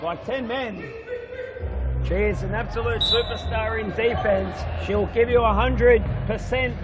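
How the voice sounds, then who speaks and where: High-voiced man calling futsal live. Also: steady tone, normal speed, loud music behind the voice. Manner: chatty, jokey, banters with the referee. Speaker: futsal commentator. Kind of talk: live sports commentary. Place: indoor futsal stadium. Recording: crowd noise in a sports hall. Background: crowd noise.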